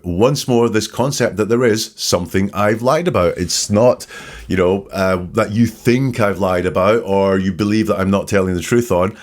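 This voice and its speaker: A man's voice: sits low, moderate pace. A man hosting a commentary, methodically breaking down the words of an interrogation. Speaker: host and analyst. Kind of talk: analytical commentary.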